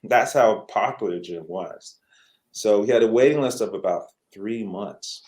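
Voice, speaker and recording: Animated storyteller man, lowish voice, echoey room. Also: a little slow. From Canada. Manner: animated, acts out quoted voices. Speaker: guest musician. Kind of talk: conversational storytelling.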